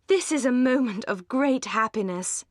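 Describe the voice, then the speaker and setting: A woman's voice: fairly high pitch, expressive, normal speed, dry recording, studio quality, pitched above the performer's own voice, lightly acted. A woman voicing an ardent, impulsive young woman who speaks in emphatic, gushing outbursts in an audiobook. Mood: passionate.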